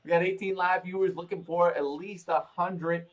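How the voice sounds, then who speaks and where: A man's voice: high voice, fairly even intonation, moderate pace, dull audio. A man hosting a casual live watch-party stream, rambling with playful, crude banter and swearing. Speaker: livestream host.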